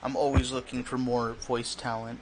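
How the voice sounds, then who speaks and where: Rambling relaxed man hosting a podcast. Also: mid-range voice, moderate pace, slight background noise, low-quality recording. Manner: rambling, relaxed, full of fillers. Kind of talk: casual chat.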